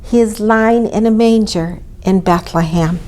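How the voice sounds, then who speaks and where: A woman reading a children's story aloud in an expressive way, inviting her listeners to join in. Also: medium pitch, measured pace, noisy background. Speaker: storybook reader.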